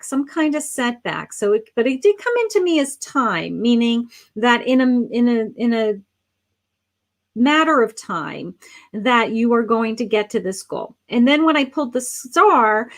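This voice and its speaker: A middle-aged woman with a fairly high voice gives a live psychic reading, her words drifting through fillers and restarts. She sounds a little worn, as if her voice is going, and calls her listeners honey and sweetheart. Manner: soft-spoken, meandering, with many fillers and restarts. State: losing her voice. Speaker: psychic medium livestream host.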